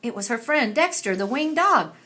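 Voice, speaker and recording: A woman reads a children's picture book aloud with animated expression. Her voice is bright and slightly high. Her pitch rises and falls widely as she tells the story. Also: moderate pace.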